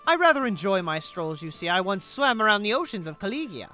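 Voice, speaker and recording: A man voicing an ancient, enormous sea spirit in a formal, measured, old-fashioned way, reading game dialogue aloud. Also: high-pitched, very animated, sharp tone, faint music behind, heavily acted. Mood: stately.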